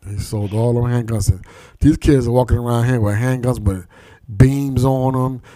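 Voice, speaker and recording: A man's voice: mid-range voice, fairly even intonation, normal speed, mellow, no room sound. A man hosting a podcast who tells street stories in a casual, profane way and acts out the voices of the people he quotes. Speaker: podcast host. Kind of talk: casual conversation, storytelling.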